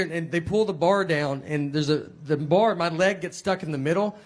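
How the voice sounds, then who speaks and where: A man in his forties with a Southern American accent, doing a rambling, deadpan stand-up routine on a comedy stage. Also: a little high. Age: 40s. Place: comedy stage before a laughing audience. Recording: stage mic with audience laughter.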